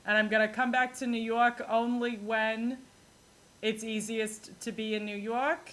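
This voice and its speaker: A woman's voice: fairly high pitch, little pitch movement, a little slow, a bit bright. A woman voicing an older Long Island grandmother who complains, with a Long Island accent, as a comic impression. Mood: kvetching. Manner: kvetching, emphatic, repetitive. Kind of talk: comedic impression in a podcast monologue.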